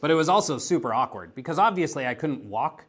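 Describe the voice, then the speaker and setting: On a painting livestream at a gaming store, a guest painter chats casually, rambling through a story and saying "like" constantly. His voice is slightly high and a bit bright, with lively intonation and a quick pace.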